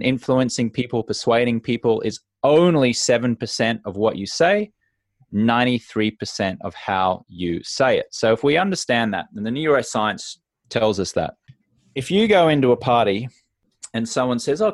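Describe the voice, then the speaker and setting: A man talks in an animated, emphatic way, giving practical advice on staying sober at parties. He stresses his main points by repeating them. His voice sits in an ordinary middle pitch, and the recording is dry with no room sound. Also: moderate pace, dry recording. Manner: animated, acts out little scenes in other voices. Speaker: sobriety coach. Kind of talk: conversational podcast advice.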